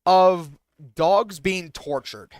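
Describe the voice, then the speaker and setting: A man's voice: sits high, drawn-out words, smooth, dry recording, clean studio sound. A young man streamer telling a rambling story with many restarts and fillers, sometimes indignant, in casual talk while gaming.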